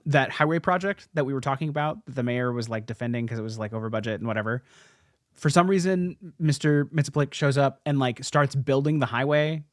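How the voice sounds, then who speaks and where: Animated young man retelling comic stories. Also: mid-range voice, no room sound, clean studio sound. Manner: animated storyteller, many "like"s and restarts. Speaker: podcast host. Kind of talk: casual comic-history chat.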